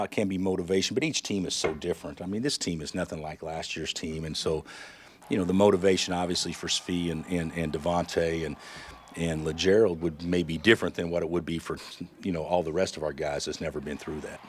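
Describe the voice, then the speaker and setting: Deep-voiced halting male coach. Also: steady tone, a little hiss or hum. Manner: halting, repeats words while thinking aloud. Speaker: basketball coach. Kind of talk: interview soundbite.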